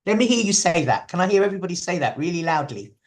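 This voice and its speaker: A man's voice: high-pitched, sing-song, fast talker, a loud crowd. A man with an English accent giving a chatty devotional talk, sharing stories and asking the audience questions. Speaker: preacher.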